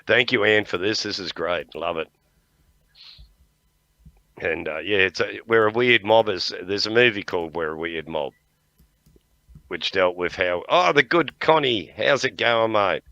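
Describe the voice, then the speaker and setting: Gravelly Australian livestream host. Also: male voice, fairly low pitch, expressive, measured pace, pauses often, pushed and bright, dry recording, lo-fi sound. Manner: rambling, jokey, laughs often. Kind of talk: casual chat.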